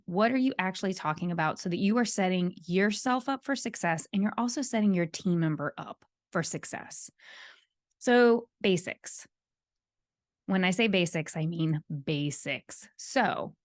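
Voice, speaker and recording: A woman hosts a solo podcast and coaches leaders in an earnest, emphatic way, repeating her main points. Her voice sits at an ordinary middle pitch. The sound is close and dry, with no room echo.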